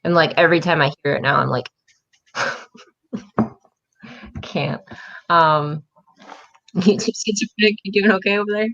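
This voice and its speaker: A woman's voice: lowish voice, unhurried, vocal fry, pauses often, fairly bright tone, dull audio. A woman hosting a casual livestream chat, blunt and swearing, laughing often. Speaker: livestream host.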